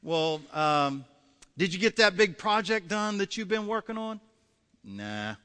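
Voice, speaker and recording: A preacher mimicking an exasperated wife. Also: male voice, sits high, lively intonation, unhurried, sharp tone, smooth, long reverb tail, exaggerated voice. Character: complaining wife, woman, frustrated.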